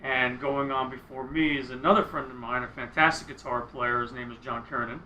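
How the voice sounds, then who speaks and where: Bright-voiced man telling a lively story. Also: mid-range voice, fairly quick, echoey room, a little hiss or hum, poor audio. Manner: animated, laughing storyteller, self-mocking. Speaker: guest guitarist. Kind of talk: casual storytelling in a radio interview.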